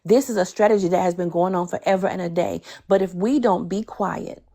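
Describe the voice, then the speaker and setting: Gravelly, low-toned woman addressing a group. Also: mellow. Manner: measured and persuasive, with some hesitations. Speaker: speaker in an online group call. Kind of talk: speech to a group.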